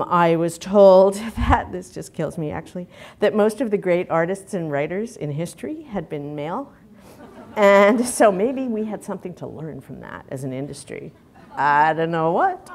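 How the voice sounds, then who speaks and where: A middle-aged woman, giving a candid conference talk full of fillers and restarts. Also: on the low side. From Canada. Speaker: conference speaker.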